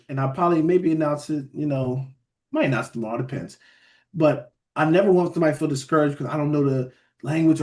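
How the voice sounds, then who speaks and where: A man teaching a casual online Bible study, speaking in a loose, halting way and often checking in with his listeners. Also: mid-range voice, darkish tone. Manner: conversational, keeps checking in with listeners with "all right?" and "beloved"; loose, halting phrasing with restarts.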